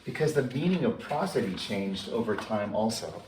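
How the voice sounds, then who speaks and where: A man, a choral conductor, giving a relaxed and chatty talk, with many fillers and restarts. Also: lowish voice, normal speed, slight background noise. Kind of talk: informal talk.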